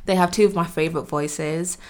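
A woman's voice: on the low side, steady tone, brisk, a loud crowd. A young woman co-hosting a casual music chat, opinionated and frank, swearing casually. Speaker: podcast co-host.

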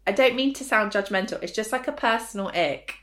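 A woman's voice: medium pitch, a little fast, a bit bright. A woman in her thirties, co-hosting a casual podcast chat in a frank, opinionated way with dry humor. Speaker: podcast co-host.

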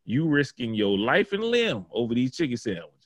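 A man hosts a casual podcast chat, telling loose, rambling stories laced with swearing. His voice sits at an ordinary pitch. It is recorded close and dry, with no room sound around it. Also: very animated, moderate pace, no room sound. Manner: profane, rambling storytelling. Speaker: podcast host.

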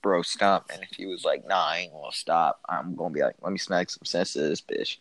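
A man's voice: deep voice, fairly quick, fairly bright tone, no echo. Goofy man cracking slangy jokes. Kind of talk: casual chat, joking interjections.

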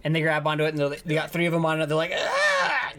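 A game master narrating a tabletop game in a lively way, laughing and restarting sentences. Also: mid-range voice, racing.

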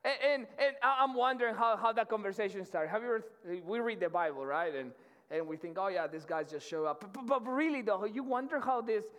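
A man preaches from the stage of a church auditorium, his voice sitting high for a man. He keeps it loose and slangy, stumbling through restarts and checking in with the room, while a long reverb trails every phrase. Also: brisk, fairly bright tone. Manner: conversational and slangy, with many restarts and repeated "right?". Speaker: pastor. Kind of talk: casual sermon to college students. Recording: long reverb of a large hall.

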